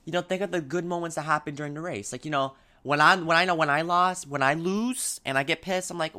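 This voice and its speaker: A young man talking casually in a vlog, giving advice in a rambling, animated way with lots of fillers and restarts. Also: on the high side, quick pace, hardly any pauses.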